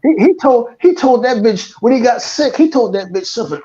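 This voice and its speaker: On a dull, lo-fi stream, a profane, animated man co-hosting a podcast tells stories full of impressions in casual chat. He's from the Philadelphia area, with an extremely high pitch and a slightly fast delivery.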